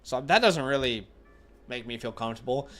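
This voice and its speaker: A man's voice: medium pitch, animated, fairly quick, a bit bright. A man hosting a casual live stream, answering viewer questions, thinking aloud with fillers and restarts, blunt in his opinions, with a runny nose. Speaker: fantasy football host answering viewer questions.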